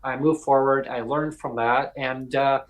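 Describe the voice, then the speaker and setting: A man's voice: medium pitch, fairly even intonation, unhurried, low-quality recording. A man hosting a podcast, telling rambling stories and acting out quoted conversations. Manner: rambling, acts out quoted dialogue. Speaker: podcast host and disability advocate. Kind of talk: casual storytelling chat.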